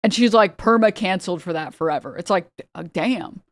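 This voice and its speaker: A woman's voice: lowish voice, brisk, no room sound. Exasperated young woman streamer, dry close mic. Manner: exasperated, rambling, sarcastic. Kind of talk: casual stream chat.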